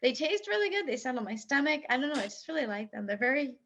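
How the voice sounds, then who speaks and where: A woman's voice: sits high, big pitch swings, fast talker, a bit bright, highs cut off. A woman co-hosting a show in casual chat, friendly with short agreeing replies. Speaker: co-host.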